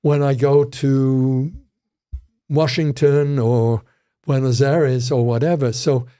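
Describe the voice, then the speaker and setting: A man's voice: mid-range voice, steady tone, takes it slowly, warm tone, clear, resonant tone. An older man, a criminology professor, telling rambling stories with frequent restarts in a casual interview.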